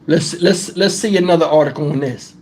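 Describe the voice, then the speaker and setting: A man's voice: fairly high pitch, a little fast, a little mellow, a little hiss or hum. A middle-aged man hosting a live stream, talking bluntly and profanely and sounding shaken as he answers his chat. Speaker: livestream host. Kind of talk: casual livestream talk.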